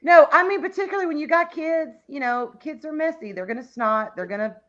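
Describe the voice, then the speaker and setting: A woman co-hosting a livestream in casual chat, blunt and animated, swearing freely. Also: sits high, fairly quick, muffled recording. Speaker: livestream co-host.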